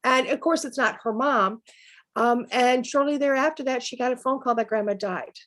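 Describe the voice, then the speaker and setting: High-voiced woman telling stories. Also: normal speed. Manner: lively anecdotal telling with laughs. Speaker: psychic medium guest. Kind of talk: storytelling interview chat.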